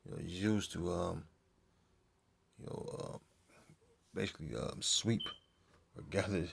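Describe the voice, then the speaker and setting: A man teaching from the Bible in a casual, halting way, full of fillers, reading verses aloud more loudly and muttering to himself while he searches. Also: sits low, creaky, a little hiss or hum. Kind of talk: informal scripture teaching.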